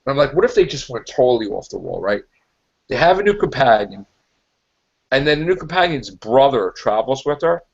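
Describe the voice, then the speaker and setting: A man co-hosting a casual podcast chat, rambling and animated as he pitches ideas and acts out quick quotes. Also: vocal fry, slightly rough. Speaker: podcast co-host. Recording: dull lo-fi sound.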